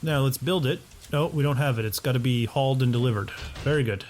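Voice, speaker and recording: A man's voice: mid-range voice, fast, a little mellow, slight background noise. A man giving casual, chatty commentary while playing a game at home, often talking to himself and his game characters. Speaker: let's play host. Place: home condo.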